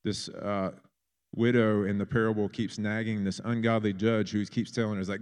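A man preaching a sermon in a fervent manner, building to loud, emphatic peaks. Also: fairly low pitch, steady tone, a little fast, clear, resonant tone.

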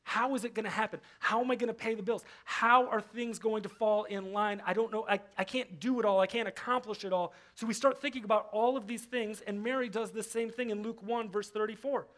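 A young adult man gives a sermon from the front of a church. His voice sits high for a man. He stays animated throughout, playing out other people's voices and repeating words for emphasis. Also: brisk, hardly any pauses. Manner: animated, acts out quoted voices, repeats words when stressing a point. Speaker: pastor. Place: church hall.

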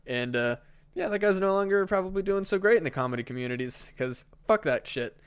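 A man's voice: high-pitched, expressive, a little fast, smooth. A man co-hosting a comedy podcast, talking in a laid-back, sweary way. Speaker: podcast co-host. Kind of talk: casual chat.

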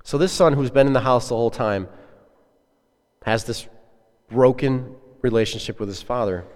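A man's voice: mid-range voice, normal speed, a little mellow. Pastor guy preaching, earnest and chatty, asks the crowd stuff, long reverb in a big church hall. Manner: earnest, conversational, asks the audience questions. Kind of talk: sermon.

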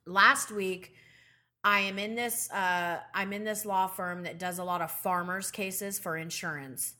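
A woman's voice: fairly even intonation, a little slow, sharp tone. A middle-aged woman co-hosting a podcast, telling blunt, profane stories in casual chat and acting out what people said. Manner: acts out quoted voices in rising pitch. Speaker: podcast co-host.

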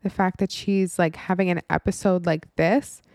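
A woman's voice: lowish voice, steady tone, normal speed, creaky, a little mellow, no room sound, studio quality. A woman in her twenties telling a personal story in a candid, frank, casual way, with some swearing and many "like" fillers.

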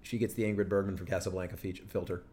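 A man's voice: low voice, level tone, very fast, a crowd in the background. A man co-hosting a podcast, chatting casually about a film with many restarts and fillers. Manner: rambling, heavy on fillers and restarts. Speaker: podcast co-host. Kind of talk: casual film recap chat.

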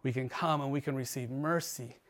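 A man preaching a sermon as a pastor, earnest and building, often dropping his voice low and soft for emphasis. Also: steady tone, brisk. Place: church livestream.

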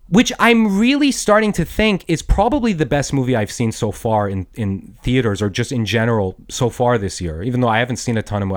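A young man delivers an angry, profane rant in a rambling monologue. His voice jumps from high, loud bursts down to low mutters, and he keeps restarting his sentences. Blunt and crude throughout. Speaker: podcast host.

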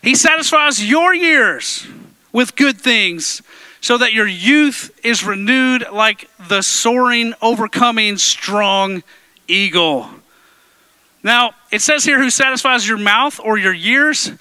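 A man's voice: lively intonation, unhurried, bright, forceful tone, no echo. A man preaching a sermon to his congregation in church, playful and joking with the room. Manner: playful, jokes with the congregation, drops into deep impressions. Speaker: pastor. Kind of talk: energetic sermon. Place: church sanctuary.

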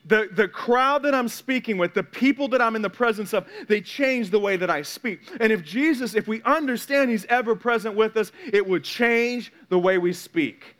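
A man preaching with a notably high voice for a man. He talks to the congregation casually and animatedly, slipping into acted-out voices as he goes. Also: normal speed, hardly any pauses. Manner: animated, conversational, acts out quotes. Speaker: pastor. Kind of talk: sermon.

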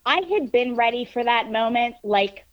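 A woman telling a story in casual chat, animated and full of fillers, swearing freely. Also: on the high side, normal speed, no echo, dull audio. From New York. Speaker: guest storyteller.

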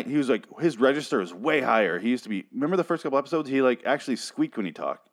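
A man's voice: medium pitch, animated, fast talker. Profane, ranting male TV reviewer. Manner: profane, exasperated, sarcastic. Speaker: TV episode reviewer.

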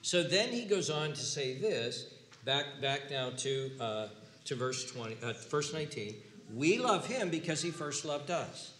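A man's voice: a little high, sing-song, unhurried, fairly bright tone, a little hiss or hum. An older man preaching a sermon as pastor, repeating words as he restarts and building to emphatic peaks. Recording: roomy echo with faint ambience.

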